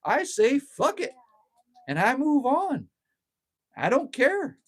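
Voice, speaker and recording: A man's voice: extremely high pitch, wildly swooping pitch, slow, slightly rough. A middle-aged man hosting a casual livestream from a cabin, rambling and ranting, reading out viewer comments and swearing freely. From Canada. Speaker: livestream host. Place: outdoors at a cabin. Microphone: phone livestream.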